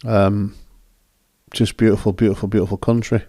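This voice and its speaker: Man, photographer host, casual commentary, rambling, low-pitched, dry recording. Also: little pitch movement, normal speed, dark tone, dry recording. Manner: rambling, self-correcting, chatty.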